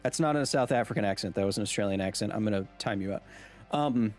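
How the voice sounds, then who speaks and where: A man's voice: lowish voice, a little mellow, soft background music. A man hosting a science livestream, chatting casually and joking with his viewers. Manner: jokey, talks to chat, quick asides.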